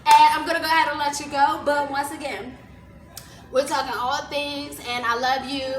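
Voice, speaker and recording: A woman's voice: high voice, level tone, moderate pace, a little hiss or hum. A woman hosting a podcast, wrapping up a casual interview with a bubbly manner. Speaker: podcast host. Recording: echoey hallway.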